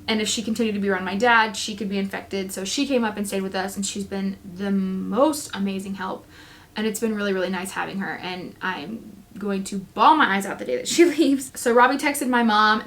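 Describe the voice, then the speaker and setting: Chatty young woman telling her story. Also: mid-range voice. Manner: chatty, animated, quotes herself often. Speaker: vlogger, new mom. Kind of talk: casual storytelling to camera.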